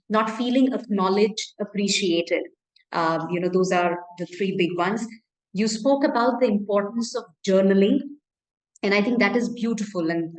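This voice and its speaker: A woman hosts an interview and sums up what her guest has said. She speaks reflectively and appreciatively, pausing often with "um" and "you know". Her voice sits at a middle pitch in an echoey room. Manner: reflective, appreciative, many fillers. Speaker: host, happiness coach. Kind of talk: interview host summarizing.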